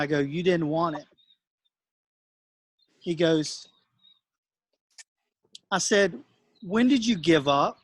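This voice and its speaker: A middle-aged man, a tennis coach and host, telling a personal story in a relaxed, earnest way and acting out the dialogue. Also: high voice, slow pace, pauses often, no echo.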